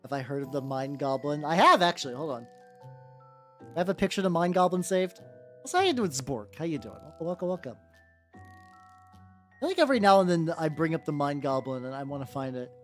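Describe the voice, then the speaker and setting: A miniature painting streamer chats casually on a live stream, rambling with many fillers and restarting herself or himself often. The mid-range voice is very animated and brisk, broken by long pauses, over faint background music.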